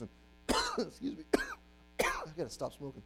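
A man in his forties preaching a sermon as a youth pastor, animated, acting out the voices of doubters and the devil. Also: fairly high pitch, moderate pace, long pauses, a little hiss or hum, rough recording.

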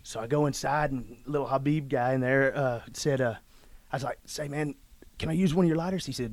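A man with a drawl tells a personal story in a casual, animated way. His speech is rough and plain, full of "man" and "dude". His voice sits in an ordinary middle pitch. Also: a little fast, dry recording. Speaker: guest telling his story.

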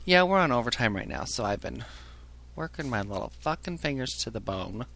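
A man's voice: sing-song, brisk, pushed and bright. A man hosting a casual podcast, swearing a lot and ranting about callers from his phone job. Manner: profane, ranting, mimics callers in a high voice. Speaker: podcast host; phone service worker. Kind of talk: casual crude chat.

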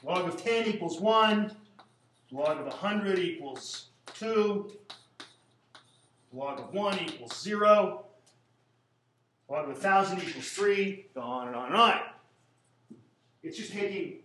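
A man's voice: high-pitched, animated, slow pace, long pauses, fairly bright tone, slight background noise. A man from Canada giving a classroom statistics lecture, rambling and joking with sarcastic asides. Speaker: statistics teacher. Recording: echoey room from a distant mic.

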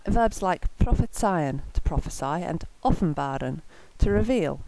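A woman reading a scripted language lesson in a clear, measured way, slowing down to pronounce example words. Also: lowish voice, expressive, mellow, no echo, poor audio. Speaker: language teacher.

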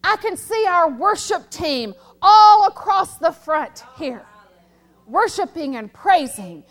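A woman pastor preaching a sermon in a church, emphatic and building to loud exhortation. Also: extremely high pitch, expressive, takes it slowly. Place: church sanctuary.

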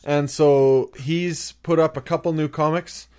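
Brief: man co-host, highish voice, chatty and upbeat banter. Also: steady tone, unhurried, mellow, smooth. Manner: laughs often, plugs and announcements. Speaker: podcast co-host. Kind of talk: casual banter.

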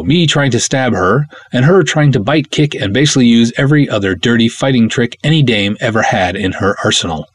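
A man, the show's host, reading a wry first-person pulp adventure story aloud with lively drama. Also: medium pitch, a little fast, slightly rough.

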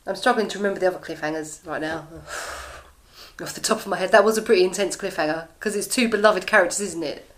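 A woman's voice: lowish voice, brisk. Chatty English woman podcast co-host. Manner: chatty, laughs often. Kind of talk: casual recap chat.

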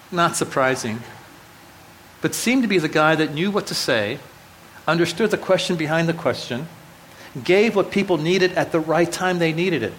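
A man's voice: on the high side, a bit bright, slight background noise, rough recording. Conversational middle-aged male pastor preaching. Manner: conversational storytelling with self-deprecating humor; frequent restarts and asides to the audience. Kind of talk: sermon. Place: church hall before a live audience.

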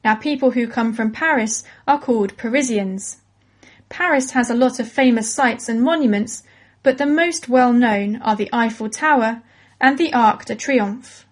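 A woman giving a clear, patient, scripted lesson for children. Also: fairly high pitch, moderate pace. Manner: clear, patient and encouraging, like a teacher. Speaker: presenter of a children's educational podcast. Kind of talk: scripted educational narration for children.

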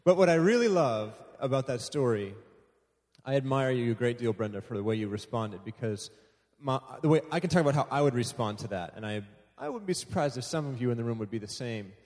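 A man's voice: medium pitch, animated, brisk, a little mellow. A man leading a church sharing time, talking conversationally and joking about himself with frequent laughter. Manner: conversational, self-deprecating, laughs often. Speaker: service leader. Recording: echoey hall.

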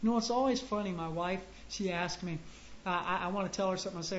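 A man giving a sermon to a room of men, conversational and halting, with frequent restarts and punchy stresses. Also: sits high, fairly bright tone, a little hiss or hum. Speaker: preacher. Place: room with an audience. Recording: echoey, muffled room recording with faint ambience.

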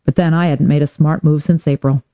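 A woman narrating a hardboiled audiobook in first person, wry and deadpan, letting the dry jokes land flat. The recording is dry and close with a dull, lo-fi edge. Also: low voice, fairly quick, dry recording.

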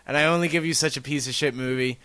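Man, podcast co-host, blunt and wry, crude jokes, bright voice. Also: on the high side, fairly even intonation, fast talker, clear, resonant tone. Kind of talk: casual podcast chat.

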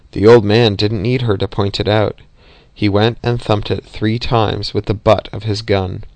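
A man reading a novel aloud as narrator, steady and even, with occasional slips. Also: on the low side, dry recording.

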